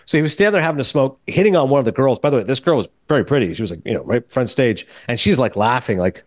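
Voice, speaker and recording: Fast-talking man hosting a podcast. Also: mid-range voice, dry recording. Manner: rambling, animated anecdote with quoted dialogue. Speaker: podcast host. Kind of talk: casual storytelling chat.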